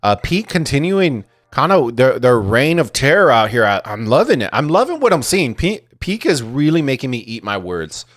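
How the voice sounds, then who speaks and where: A man casting a strategy game tournament on a live stream, excitable and chatty, swearing freely as he reads viewer messages. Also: medium pitch, normal speed, hardly any pauses, no room sound, clean studio sound. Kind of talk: casual live-stream commentary and chat reading.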